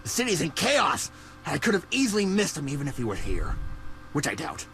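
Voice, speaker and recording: A man's voice: fairly high pitch, wildly swooping pitch, fairly quick, fairly bright tone, soft background music. An actor playing a paranoid, aging male caped vigilante in a video game, who talks in conspiratorial asides.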